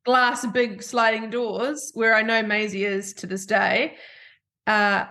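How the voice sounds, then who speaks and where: A woman's voice: medium pitch, flat delivery, slow, sharp tone. A woman with a New Zealand accent hosting a podcast, telling a personal story in a candid, heartfelt way. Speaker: podcast host. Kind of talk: casual podcast chat.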